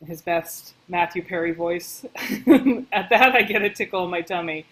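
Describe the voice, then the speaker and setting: A woman working as a book editor, reading passages aloud and thinking out loud in a casual, chatty way as she comments on them. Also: lowish voice, normal speed, poor audio.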